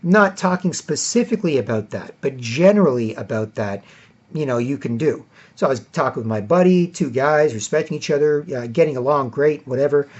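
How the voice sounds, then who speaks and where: A man's voice: mid-range voice, animated, fairly quick, darkish tone. Rambling man on a dull lo-fi recording. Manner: rambling, with constant "right?" and "whatever" tags; acts out other people in a raised, mocking voice. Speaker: vlogger. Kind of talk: casual storytelling monologue.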